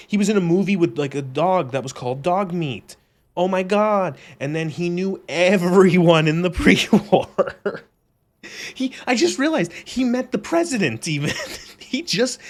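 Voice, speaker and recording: A young man on a gaming stream, rambling sarcastically with lots of swearing and laughter. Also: fairly high pitch. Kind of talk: casual gaming stream commentary.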